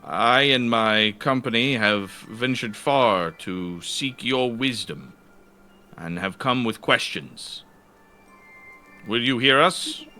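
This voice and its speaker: A man's voice: mid-range voice, slow, sharp tone, soft background music. A man voicing his formal, courtly warrior character in a tabletop game. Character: formal noble-spoken young warrior.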